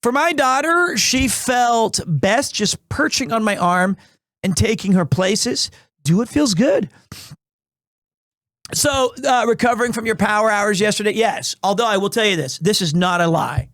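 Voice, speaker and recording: A man in his thirties streaming live, chatting casually in a rambling, animated way with restarts, recovering from asthma and clearing his throat. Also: sits high, a little slow, no room sound, clean studio sound. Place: small home room.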